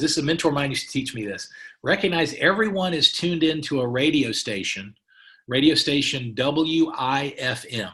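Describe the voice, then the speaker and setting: A middle-aged man coaches sales partners in a motivational training talk. He is emphatic and repeats his key phrases, often restarting his sentences as he pushes his point. His voice sits at an ordinary middle pitch. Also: a bit bright. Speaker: company president giving partner training.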